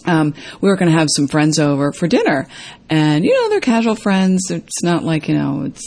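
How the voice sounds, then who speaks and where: A woman hosting a casual self-help talk to viewers, chatty and full of fillers, acting out quoted lines in a higher voice. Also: sing-song, moderate pace, a little mellow. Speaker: host.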